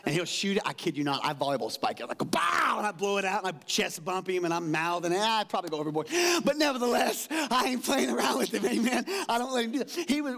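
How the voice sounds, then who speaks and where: A middle-aged man preaching a sermon in church, energetic, dropping to low asides and rising to loud exclaims, acting out quotes in changed voices. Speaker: pastor. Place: church sanctuary.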